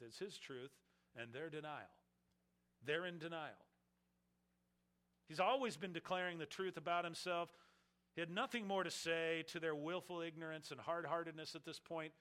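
Male preacher, slightly high, bright and forceful; emphatic expository sermon. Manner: emphatic, swelling and dropping in volume.

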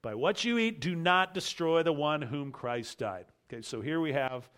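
A man's voice: a little high, animated, normal speed, a bit bright. A man preaching a sermon in a conversational way, mixing verse readings with a personal story. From United States. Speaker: pastor.

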